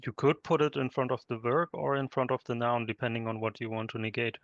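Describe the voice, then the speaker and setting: A man's voice: medium pitch, flat delivery, fast talker, no echo, muffled recording. A man taking part in an online language class, offering brief, knowledgeable remarks. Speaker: student.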